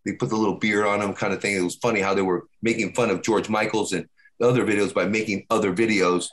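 Rambling, halting middle-aged man. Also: lowish voice, fairly even intonation, fairly bright tone. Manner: rambling, halting storyteller with many restarts. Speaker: podcast co-host. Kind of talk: casual chat.

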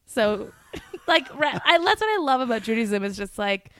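A woman in her thirties, a comedian guest in a casual podcast chat, candid and quick to laugh, swearing freely. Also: fairly high pitch, sing-song, a bit bright, dry recording, studio quality. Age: 30s.

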